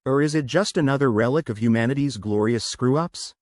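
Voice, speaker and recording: A man voicing a quiet, gruff male rebel who speaks bluntly. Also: mid-range voice, fairly quick, no room sound, clean studio sound, natural voice.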